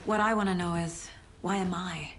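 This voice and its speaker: An actress playing a steady, probing female investigator who questions calmly. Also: on the low side, noisy background, natural voice. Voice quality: steady, measured, skeptical.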